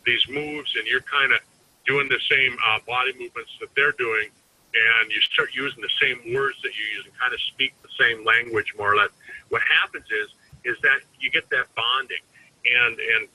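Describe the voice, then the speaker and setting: A man's voice: mid-range voice, fairly even intonation, moderate pace, pushed and bright, slightly rough, rough recording. A man giving an informal sales training talk as a network marketing team trainer, rambling and conversational with frequent restarts.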